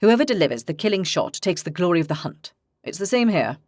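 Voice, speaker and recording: A man's voice: high voice, sing-song, quick pace, no echo, studio quality. Woman voicing a boastful young hunter lad. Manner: boastful, blunt. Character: brash young male dragon hunter.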